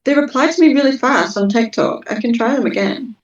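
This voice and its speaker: Teen girl co-hosting, rambly and giggly, bit high, roomy and dull off-mic sound. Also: a little fast, far from the mic. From Scotland. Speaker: co-host. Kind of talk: casual chat.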